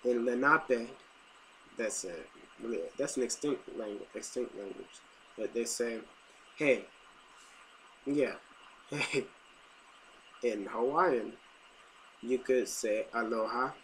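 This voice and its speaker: Casual man repeating words slowly. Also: medium pitch, a bit bright, a little hiss or hum, low-quality recording. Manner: informal, repeats each word slowly, apologetic asides. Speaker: language vlogger. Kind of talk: casual talk to camera.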